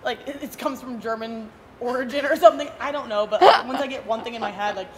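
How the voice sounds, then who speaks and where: Over a noisy crowd, a fast-talking podcast co-host with a slightly high voice spins meandering anecdotes in easygoing conversation. "Like" turns up constantly as she talks.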